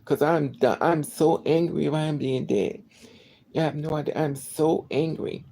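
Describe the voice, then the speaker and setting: A vlogger's indignant storytelling rant with a dark, gravelly tone. The voice keeps circling back to the same phrases to hammer them home, with heavy fry on the low notes. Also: fairly even intonation, normal speed, poor audio. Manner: emotional, indignant, repeats phrases for emphasis.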